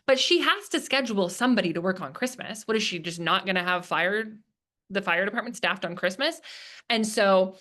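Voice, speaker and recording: A woman speaking to a workshop group in a relaxed lecture style. She talks chattily with frequent fillers and slips into little acted-out quotes while explaining. Her pitch sits in an ordinary middle range. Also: fairly quick. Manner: chatty, with many fillers, acting out quoted lines. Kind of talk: casual lecture. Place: presentation room.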